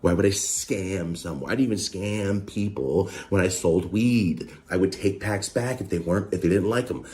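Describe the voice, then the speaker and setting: A man telling a heated story about a falling out, profane and animated, often mimicking the other person. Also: low voice, moderate pace, hardly any pauses. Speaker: online creator recounting a dispute. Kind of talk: heated podcast rant.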